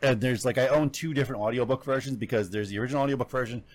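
A man's voice: mid-range voice, very fast. A man talking casually about shows, rambling with many fillers and restarts. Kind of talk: casual chat.

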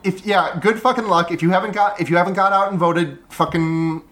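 A man's voice: high voice, fast talker, a bit bright. A man co-hosting a casual comedy podcast, rambling, restarting his sentences and laughing easily. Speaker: podcast co-host.

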